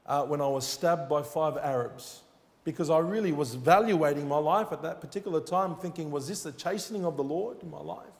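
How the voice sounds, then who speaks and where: A man preaching a sermon, telling a personal testimony in an earnest, storytelling way with rising emphasis. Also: on the high side. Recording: long hall reverb.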